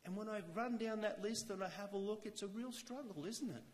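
Earnest man preaching in a reverberant hall. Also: high-pitched. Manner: earnest, conversational, slows to stress key lines. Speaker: lay church speaker. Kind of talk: sermon. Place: church chapel.

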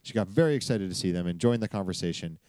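Here the same thirtysomething travel-podcast co-host talks fast and animatedly in a low, darkish voice, wandering through his tales with a dry, self-described grumpy streak. The recording has no echo.

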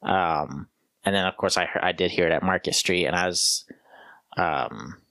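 A man's voice: low voice, normal speed, creaky, bright, forceful tone, dry recording, studio quality. A man hosting a casual podcast chat about music, rambling with many fillers and humming bits of songs. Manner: rambling, hums and sings song snippets. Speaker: podcast host.

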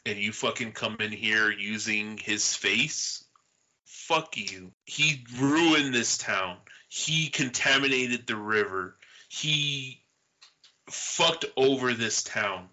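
A man's voice: lowish voice, slow, sharp tone, highs cut off, heavily acted. A man doing a snarling, vengeful bearded townsman. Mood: furious. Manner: snarling, profane, bitter.

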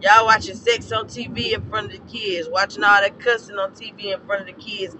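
A man with a hoarse, scorched throat, giving a blunt, profane and preachy casual rant as a podcast host. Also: sits high, level tone, a little fast, few pauses, noisy background.

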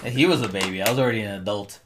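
A man's voice: lowish voice, rapid-fire, over a noisy crowd. A man comedian chatting on a podcast, dry and needling. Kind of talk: casual comedic chat.

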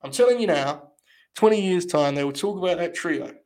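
Young man, live stream host, mock-solemn rambling commentary, swearing, slightly high voice. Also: lively intonation, brisk, a little mellow. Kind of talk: casual live watch-along commentary.

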